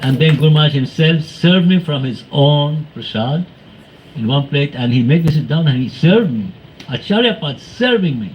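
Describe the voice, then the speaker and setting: Man, slightly high voice, animated devotional storytelling, muffled recording, faint noise. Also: moderate pace. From Venezuela. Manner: animated storytelling, acting out quoted exchanges. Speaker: devotee speaker. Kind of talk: devotional talk with anecdotes. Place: temple hall.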